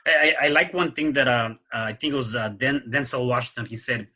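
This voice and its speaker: A man's voice: medium pitch, fairly quick, sharp tone. A man hosting a podcast interview, chatting and asking questions with frequent restarts and encouraging remarks. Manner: conversational, stammering restarts, encouraging. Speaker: podcast host. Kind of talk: casual interview.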